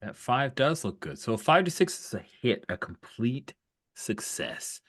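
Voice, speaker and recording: A man narrating and running a tabletop role-playing game, lively and full of asides. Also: medium pitch, unhurried. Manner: animated, slips into character voices. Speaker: game master.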